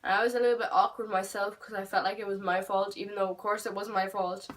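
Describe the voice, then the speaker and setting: A young woman rambling through a storytime vlog at home, swearing freely and getting animated. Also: mid-range voice, fast. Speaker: vlogger. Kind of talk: storytime vlog, casual chat. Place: home room. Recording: voice a bit far from the mic.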